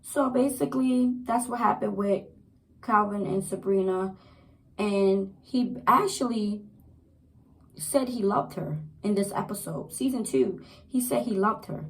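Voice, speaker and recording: A young woman casually recapping a TV episode, chatty and animated, repeating herself as she goes. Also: mid-range voice, measured pace, vocal fry, rough recording. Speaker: TV show reviewer.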